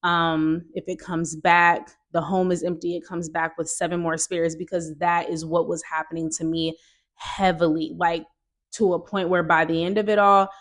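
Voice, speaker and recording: A young woman vlogger sharing a personal testimony in a casual, animated storytelling way, talking straight to her viewers. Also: fairly low pitch, normal speed.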